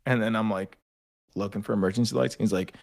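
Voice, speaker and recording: Profane storytelling guy, lowish voice. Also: a little fast, creaky. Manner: profane, animated storyteller acting out quotes. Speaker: podcast guest, army veteran. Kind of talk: casual storytelling chat.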